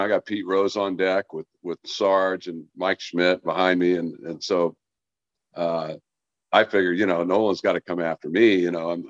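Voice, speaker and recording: A former ballplayer in casual podcast talk, a man with a low voice who tells his stories in a loose, rambling way. His voice comes through a muffled remote line with no room sound. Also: no echo. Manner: storytelling, rambling with restarts. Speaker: guest, former baseball player.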